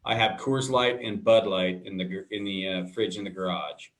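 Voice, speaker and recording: A man's voice: fairly low pitch, fairly even intonation, normal speed. A man co-hosting a live web show, chatting casually, rambling through stories full of tangents and acted-out quotes. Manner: rambling storyteller, goes off on tangents; acts out quoted voices in his stories. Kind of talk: casual chat.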